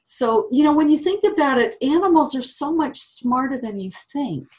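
A woman's voice: sits high, lively intonation, moderate pace, a little mellow. A woman guest who talks with animals, telling a story in a chatty way with frequent "um" fillers. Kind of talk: anecdotal storytelling in an interview.

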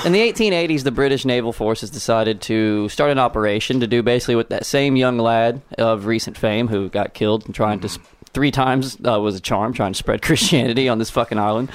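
A man's voice: mid-range voice, a little fast, slight background noise. A man hosting a podcast, joking crudely and rambling through loose stories. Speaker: podcast host. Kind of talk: casual podcast banter.

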